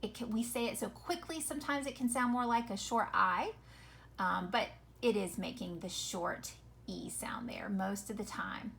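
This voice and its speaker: A woman's voice: mid-range voice, moderate pace, creaky, fairly bright tone. A woman teaching a phonics lesson to children, patiently sounding out example words and asking questions.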